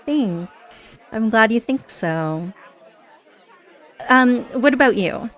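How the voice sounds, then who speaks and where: A woman's voice: a little high, expressive, slow pace, fairly bright tone, some chatter behind. A woman playing a chatty, giggly party girl. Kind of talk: scripted audio role-play.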